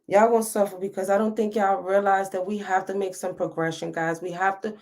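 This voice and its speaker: A woman's voice: medium pitch, little pitch movement, fairly quick, darkish tone. A woman, hosting a live stream and talking to her viewers in an impassioned, preachy way, close to tears. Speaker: host reading live comments. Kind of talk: emotional live-stream commentary.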